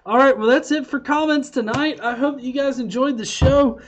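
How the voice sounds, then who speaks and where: A man's voice: very high-pitched, a little fast, dull audio. A man hosting a casual livestream, rambling and swearing, with lots of fillers and restarts. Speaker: livestream host.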